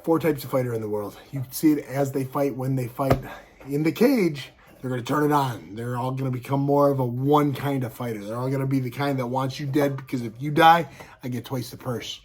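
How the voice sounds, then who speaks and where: A man's voice: mid-range voice, brisk. A man in his thirties with a scratchy throat, casually telling fight stories to camera and punctuating them with sound effects. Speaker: show host and pro fighter.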